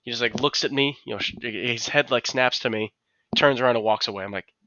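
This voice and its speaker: A man's voice: medium pitch, fairly quick, lo-fi sound, slight background noise. A man on a podcast, telling a story casually and acting out what his coworkers said. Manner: animated, acts out quotes of coworkers. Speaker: podcast co-host.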